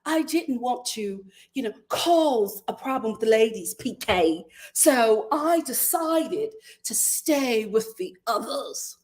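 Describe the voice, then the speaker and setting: A woman putting on a fake British accent to play a prim, affected woman, speaking slowly. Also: fairly high pitch, lively intonation, a little mellow, pitched below the performer's own voice.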